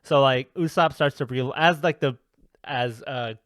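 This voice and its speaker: A man's voice: medium pitch, unhurried, dry recording, studio quality. A man co-hosting a casual manga podcast, talking loosely with many fillers as he retells scenes. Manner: relaxed, leans on fillers, retells scenes with quoted lines. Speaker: podcast co-host. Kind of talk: casual chat reviewing manga.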